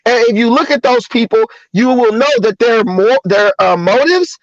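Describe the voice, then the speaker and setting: High-voiced man in animated commentary. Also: normal speed, no room sound. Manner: animated, repetitive, acts out quoted voices. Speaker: show host. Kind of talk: casual commentary chat. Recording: dull lo-fi dry sound.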